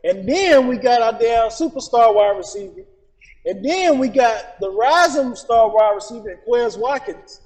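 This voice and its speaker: A man co-hosting a casual podcast, loud and excitable, with profane trash talk about his football team. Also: very high-pitched, unhurried, rough recording. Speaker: podcast co-host. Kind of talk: casual chat.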